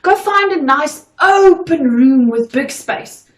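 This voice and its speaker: Female drama coach, slow and deliberate, clearly articulated, fairly high voice. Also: lively intonation. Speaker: drama teacher. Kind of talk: instructional video lesson. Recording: echoey room.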